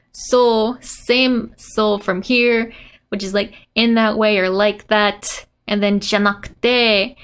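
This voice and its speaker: A woman's voice: mid-range voice, fairly even intonation, slow, fairly bright tone, clear, resonant tone. A woman giving a casual language lesson, often laughing and playfully reading out lines from a comic. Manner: giggly, reads out character lines with playful voices. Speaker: Japanese teacher.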